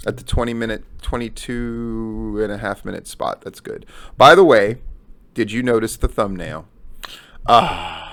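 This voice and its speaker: Guy in his forties-ish ranting on his own show, cussing every other word, fired up. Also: on the low side. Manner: heavy swearing, emphatic and animated. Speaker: news and commentary host. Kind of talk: profane ranting commentary.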